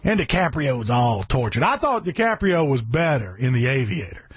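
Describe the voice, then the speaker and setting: A man hosting a satellite radio show, ranting in a brash, profane monologue with sudden shouted bursts. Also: mid-range voice, sing-song, moderate pace, husky, dry recording.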